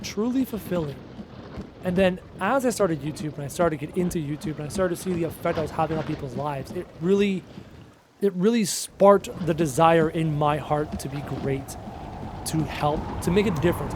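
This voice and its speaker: High-voiced man streaming a game. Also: animated, normal speed, background noise. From Canada. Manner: emphatic and repetitive, answering chat aloud. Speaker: gaming streamer. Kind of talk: casual live-stream chat while playing.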